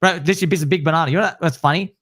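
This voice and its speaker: A male host chatting casually, excitable and slangy, acting out what others say. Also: on the high side, very fast, no echo, clean studio sound. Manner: excitable, slangy, acts out quotes. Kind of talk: casual chat.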